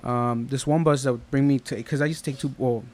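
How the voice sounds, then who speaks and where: A man with a medium-pitched, somewhat dark voice talks fast in a steady tone. He co-hosts a casual podcast chat, spinning long, rambling stories and acting out the voices of the people in them.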